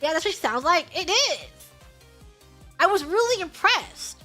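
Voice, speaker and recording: A young woman chats casually with her viewers, thanking them one by one in a high, bubbly voice. Her tone is bright and lively, and she laughs often. Faint music plays behind her. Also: a little slow. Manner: bubbly, giggly, sings snatches of songs. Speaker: streamer reading superchats. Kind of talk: casual livestream chat.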